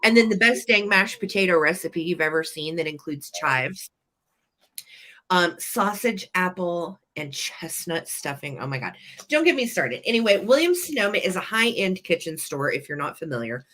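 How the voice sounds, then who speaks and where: Bright-voiced woman hosting a live sale. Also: sing-song, normal speed. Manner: chatty, enthusiastic product pitching. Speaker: live vintage sale host. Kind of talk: live-stream sales chat.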